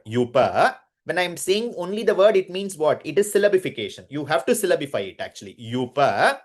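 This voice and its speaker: A man leads a chanting lesson at a very unhurried pace. He draws out every syllable and says each word again and again. He often stops to quiz his students. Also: a little high. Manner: drawn-out syllables, repeats words, quizzes students. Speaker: Sanskrit chanting teacher.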